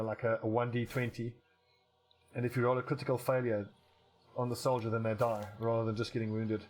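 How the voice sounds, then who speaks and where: A man's voice: medium pitch, darkish tone, a little hiss or hum. A man giving casual, rambling commentary while playing a strategy game, swearing casually and restarting his sentences. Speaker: let's play commentator.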